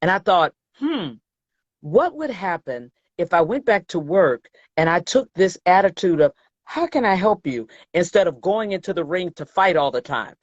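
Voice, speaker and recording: A woman's voice: on the low side, animated, moderate pace, no echo. Middle-aged Southern woman, interview guest, emphatic storyteller; dry, lo-fi recording. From American South. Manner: emphatic, acts out quoted dialogue. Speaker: guest, investment banker. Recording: dry, dull lo-fi sound.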